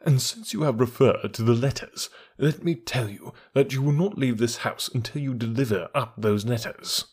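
A man's voice: mid-range voice, moderate pace, few pauses, a little mellow, breathy edge, natural voice. A man voicing a stubborn, indignant banker in an audiobook, firm and insistent. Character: stubborn, indignant middle-aged male banker. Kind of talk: audiobook character reading.

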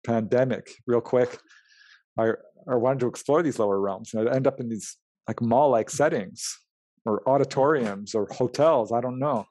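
Here a man speaks at normal speed in a medium pitch, recorded dry. The guest, a writer who researches UFOs, narrates his experiences during an interview, animatedly voicing the dialogue and laughing.

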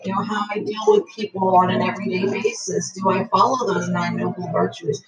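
A woman's voice: medium pitch, fairly even intonation, a little fast. A woman co-hosting a casual talk, earnestly telling about her faith and a customer at work. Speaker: podcast co-host. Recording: echoey and distant with crowd noise.

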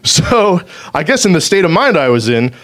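A man telling a personal story in a halting way, full of fillers and self-amused asides. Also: high voice, sing-song, a bit bright.

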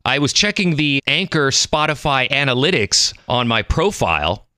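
A man's voice: medium pitch, very animated, normal speed, sharp tone, clean tone, no echo, clean studio sound. A man hosting a comedy podcast, talking wryly and mocking himself. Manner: self-mocking, wry. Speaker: podcast host.

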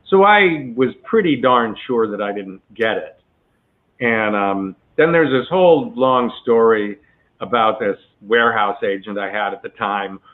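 A male actor being interviewed, telling a long story in a relaxed, chatty way with many asides. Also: lowish voice, unhurried. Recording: tinny phone-like line.

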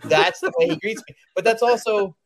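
A man's voice: sits high, fairly quick. A man talking as a guest in a casual chat, blunt and anecdotal, often chuckling. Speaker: comics publisher guest.

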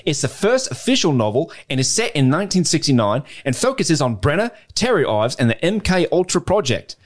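Male podcaster doing a put-on Australian lady, lilting, higher than his own voice. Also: sing-song, a little fast. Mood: chirpy. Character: Australian woman listener reading her fan email.

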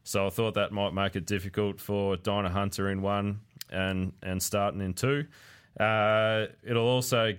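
A laid-back Australian man talking through greyhound racing tips on a podcast. His voice sits low and smooth, with a fairly flat, even delivery that rarely rises. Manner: laid-back, drawn-out with many fillers. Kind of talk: casual podcast chat.

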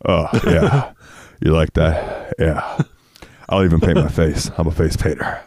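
A man putting on the slow, flat drawl of a deadpan male sitcom tough guy during a podcast. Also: very deep voice. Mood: smug.

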